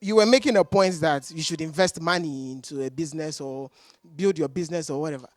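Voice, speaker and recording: A woman's voice: low voice, a little fast, dry recording, studio quality. A young woman, arguing as a guest on a panel debate, emphatic and exasperated, firing rhetorical questions. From Ghana. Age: young adult.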